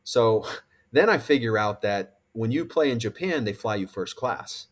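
A man in his forties from Connecticut, a podcast guest telling a story in a casual, animated and profane way. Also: on the low side, unhurried. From Connecticut, USA. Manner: animated, profane, acts out quoted dialogue. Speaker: podcast guest, former pro baseball player.

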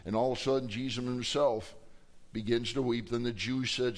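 A man's voice: medium pitch, normal speed. A man preaching a Sunday sermon as pastor, acting out the people in the story in dramatic voices. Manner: preaching with dramatic acted quotes. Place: church sanctuary.

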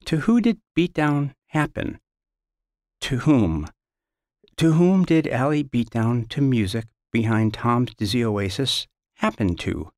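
A man reads a first-person story aloud in a slow, measured way. His delivery stays halting and deliberate, with plain mid-range pitch. The close studio recording is dry, with no room echo. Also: lively intonation, a little mellow. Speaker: author reading his story. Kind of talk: reading literary fiction aloud.

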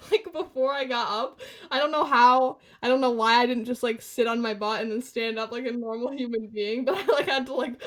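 A woman in her twenties tells a story on a casual podcast, speaking quickly and with energy. She laughs and acts out quotes, and her voice is a little high.

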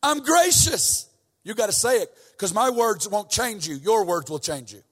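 A male preacher with a high, ringing voice delivers a sermon in a fiery, rhythmic cadence, shouting lines and easing at times into soft, tender talk. His words carry a long reverb from a large church hall. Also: animated, normal speed. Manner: intense, shouting, sing-song preaching cadence; quotes scripture and has the crowd repeat after him. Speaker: guest preacher.

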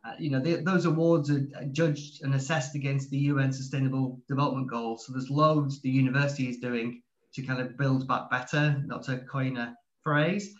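A man's voice: medium pitch, steady tone, normal speed. A man speaking as a panel guest on a video call, fluent and businesslike. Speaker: university partnerships director. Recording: echoey, dull lo-fi call audio.

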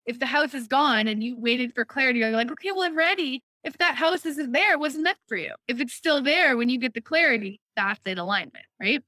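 A woman hosting a casual chat, explaining an idea in a lively way, often checking in with "right?" and acting out quoted thoughts. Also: fairly high pitch, fairly quick, hardly any pauses, no echo. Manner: lively, acts out quoted inner voices, frequent "right?". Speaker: host explaining a personal decision-making method.

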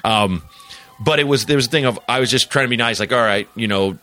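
A man's voice: medium pitch, fast. A middle-aged male comedian chatting casually as a podcast guest, telling stories and acting out the people in them. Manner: animated storyteller acting out quoted people.

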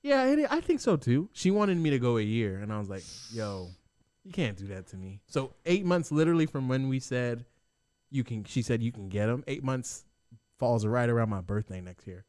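A man's voice: medium pitch, big pitch swings, fairly quick, a little mellow, clear, resonant tone, dry recording. A young man co-hosting a podcast in laid-back casual chat. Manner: laid-back, says "bro". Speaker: podcast co-host.

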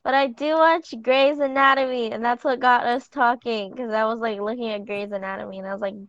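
A woman's voice: a little high, no echo. Young woman, muffled dry sound. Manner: relaxed, drawn-out, yawning. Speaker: podcast co-host. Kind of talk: casual chat.

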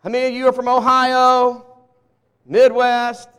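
Southern US pastor, fairly high voice, jokey and folksy with the crowd, long hall reverb. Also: male voice, expressive, fairly quick. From Southern US (Arkansas). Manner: folksy, jokey, talks straight to the congregation. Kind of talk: humorous sermon. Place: church sanctuary with a live congregation.

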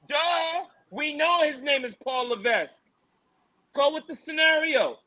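A man co-hosting a fight preview show, ranting in an animated, mocking and exasperated way. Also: very high voice, a little slow, background noise. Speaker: MMA show co-host.

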